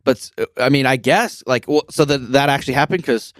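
A man co-hosting a podcast, chatting about a film in a relaxed, hesitant way, with lots of "um" and "like". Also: medium pitch, brisk, no echo, clean studio sound. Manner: relaxed, hesitant, with many fillers and likes. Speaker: podcast co-host. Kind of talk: casual movie review chat.

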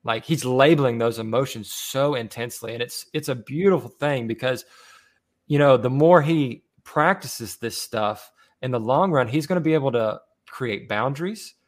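A man's voice: medium pitch, moderate pace. A man hosting a casual podcast discussion among fathers, talking earnestly with many fillers and restarts. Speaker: podcast host leading discussion.

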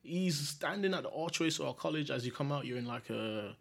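A man's voice: fairly high pitch, animated, a little fast, gravelly, fairly bright tone. A young adult man from England, a guest telling a story in a casual, slangy, laid-back way and laughing often.

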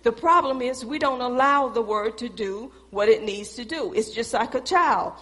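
A woman's voice: fairly high pitch, moderate pace, fairly bright tone, big-room sound. A woman preaching a sermon in a church, talking straight to the congregation in a conversational, emphatic way.

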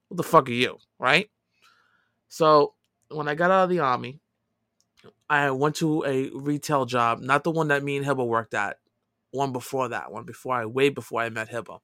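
A middle-aged man casually telling a long personal story, dropping to quiet asides and rising to loud, emphatic lines. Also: medium pitch, no echo, studio quality. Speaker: podcast co-host telling a story.

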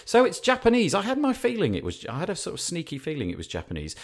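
A middle-aged man with a Northern English accent, hosting a podcast interview in a chatty, animated way and laughing easily. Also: high voice, fast. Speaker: podcast host.

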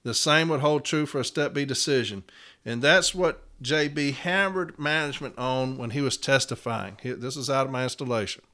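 A man's voice: mid-range voice, normal speed, bright, forceful tone. A man hosting an episode, earnestly explaining a labor arbitration decision and reading contract language aloud with emphasis. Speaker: union steward and podcast host.

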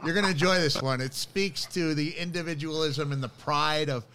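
A man's voice: on the high side, normal speed, slight background noise. A man telling a funny story as a podcast guest, chuckling as he goes. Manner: animated storyteller, chuckles through his stories. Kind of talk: casual anecdote telling.

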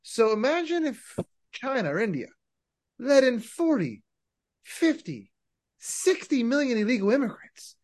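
A man co-hosting a podcast, rambling in casual political talk with halting restarts and rhetorical questions. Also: very high-pitched, big pitch swings, darkish tone. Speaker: podcast co-host.

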